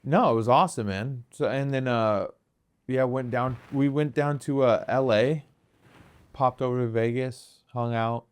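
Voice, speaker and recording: A young man co-hosting a casual comedy podcast, joking with a deadpan tone and laughing often. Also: medium pitch, unhurried, clean tone. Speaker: podcast co-host.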